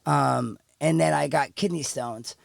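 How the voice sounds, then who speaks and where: A man's voice: on the high side, a little slow, vocal fry, no echo, clean studio sound. A middle-aged man talking as a podcast guest, telling a candid story in a rambling way with many restarts. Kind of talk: casual storytelling chat.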